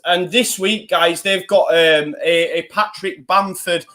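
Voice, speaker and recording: A man's voice: high voice, steady tone, slow pace, bright, forceful tone. A man hosting a casual podcast chat over a video call, chatty and upbeat with lots of fillers. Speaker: host.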